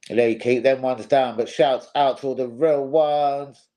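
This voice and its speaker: A man's voice: mid-range voice, fairly even intonation, measured pace, mellow, a little hiss or hum, rough recording. A young man hosting a casual live stream, swearing freely and calling his viewers "bros".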